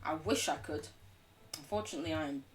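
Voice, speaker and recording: An English woman chatting casually while streaming a game, animated, laughing often and swearing freely. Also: low-pitched, fast, distant mic. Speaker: livestreamer. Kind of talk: casual chat while gaming.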